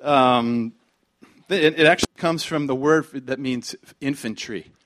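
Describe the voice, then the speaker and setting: A man preaching a sermon in a conversational way, full of rhetorical questions and repetition, swinging from quiet asides to shouted emphasis. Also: medium pitch, measured pace. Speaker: pastor.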